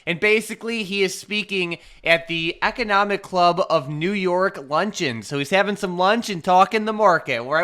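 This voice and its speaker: Male market co-host, high and bright, smooth clear tone, casual conversational delivery. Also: normal speed, hardly any pauses. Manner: relaxed and conversational, with frequent "uh" and "like". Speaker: co-host of a stock market show.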